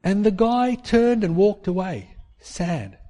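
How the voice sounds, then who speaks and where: Animated preacher man in a reverberant hall. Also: sits high, slow. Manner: animated, acts out quoted voices. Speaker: pastor. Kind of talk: sermon.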